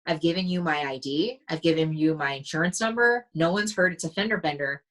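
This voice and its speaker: Here a woman with a low-pitched voice talks a little fast over a rough recording. She's a mindset coach on a podcast as a guest, and in the casual chat she animatedly tells stories and plays out the dialogue she's quoting.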